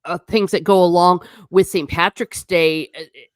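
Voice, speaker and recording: A woman's voice: fairly low pitch, fairly even intonation, moderate pace, no echo, studio quality. A woman hosting a casual history chat over a video call, adding comments and encouraging her guest. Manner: affirming, encouraging listener. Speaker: host.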